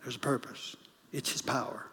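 A middle-aged man, a guest pastor, preaching a sermon as a story, swinging from urgent bursts to hushed, whispered lines. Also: medium pitch, fairly even intonation, moderate pace, in a large hall, a little hiss or hum. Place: church sanctuary.

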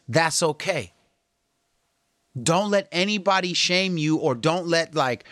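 A man with a slightly raised speaking pitch gives an earnest, slangy pep talk about getting healthy. He coaches directly and keeps it casual. The sound is dry and close, with no room echo. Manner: earnest, coaching, slangy, animated when quoting others. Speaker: fitness and health vlogger. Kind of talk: casual motivational talk to camera.

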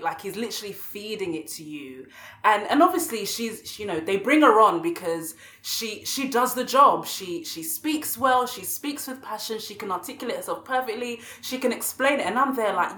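A woman's voice: medium pitch, expressive, moderate pace, sharp tone. A woman, a podcast guest speaking passionately and repeating words as she gets worked up. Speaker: podcast guest, radio show host. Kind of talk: conversational interview. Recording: roomy echo.

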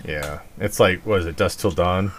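A man's voice: low voice, moderate pace, background noise. A man hosting a podcast, chatting casually and ranting with lots of swearing and mocking outbursts. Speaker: podcast host. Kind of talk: casual chat.

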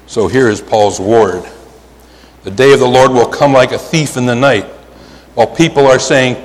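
Male preacher, Pennsylvania accent, animated and emphatic, long reverb of a big hall. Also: mid-range voice. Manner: animated storytelling, drawn-out emphatic words, frequent "right?". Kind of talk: sermon. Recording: hall reverb, faint ambience.

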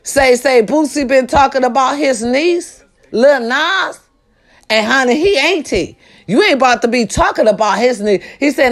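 Loud, profane woman ranting comically. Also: lively intonation, moderate pace. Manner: loud, profane, hollering, swinging pitch. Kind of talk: comedic rant to the camera.

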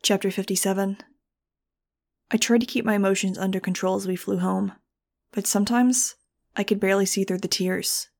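Flat-toned woman reading a novel aloud. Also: medium pitch, normal speed, vocal fry. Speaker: audiobook reader. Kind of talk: first-person novel narration.

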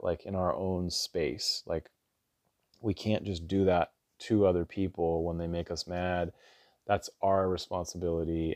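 This podcast host, a father in his thirties, has a mellow voice that sits low, captured with clean studio sound and no room noise. His casual monologue about his family is earnest but meandering, with frequent restarts and plenty of "like."

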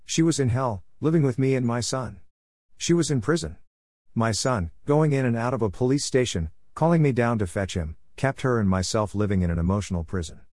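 A man narrating a first-person story in a measured, somber way. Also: mid-range voice, a little mellow, no room sound, clean studio sound.

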